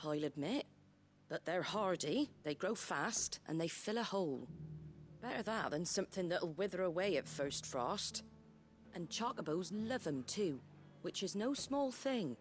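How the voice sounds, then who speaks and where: In this video game scene, a practical village matron talks in a blunt, folksy manner and drops her word endings. Her voice sits a little low for a woman. Faint background noise is heard behind it.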